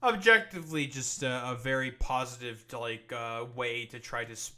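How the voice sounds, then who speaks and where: An irate male streamer reacting to political clips, cursing constantly and stumbling over fillers. His voice is bright and forceful, at an ordinary pitch for a man. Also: normal speed. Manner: angry, swearing, many fillers. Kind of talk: profane reaction commentary.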